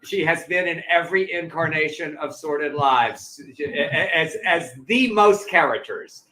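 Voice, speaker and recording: A man's voice: a little high, a little slow, sharp tone, rough recording. A man hosting a casual chat, speaking affectionately and often stumbling and restarting. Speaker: host.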